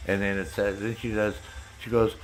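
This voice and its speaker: While gaming on stream, a man chats casually but furiously, cursing nonstop as he vents. He speaks at a moderate pace with a lowish voice and a level tone.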